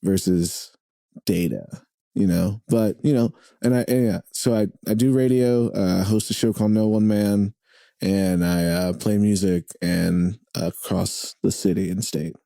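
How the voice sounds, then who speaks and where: Relaxed man with a dark, dry voice. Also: on the low side, a little slow, gravelly, dry recording. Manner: rambling, many fillers and restarts. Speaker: podcast guest, drummer and radio host. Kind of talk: casual interview chat. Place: host's home.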